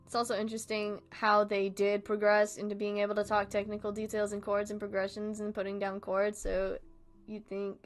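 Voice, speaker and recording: A woman's voice: medium pitch, monotone, a little fast, faint music behind. Rambling, giggly young woman streamer. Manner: rambling, laughs often, swears casually. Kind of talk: casual chat stream.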